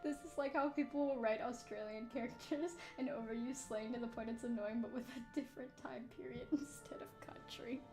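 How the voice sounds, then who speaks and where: A woman's voice: on the high side, steady tone, fairly quick, few pauses, over music. A young woman streaming a game, giggly and exasperated, laughing through her casual commentary.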